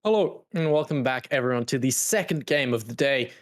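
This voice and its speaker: A man's voice: mid-range voice, lively intonation, brisk. A man hosting a pre-match esports desk, upbeat and bantering with his co-host.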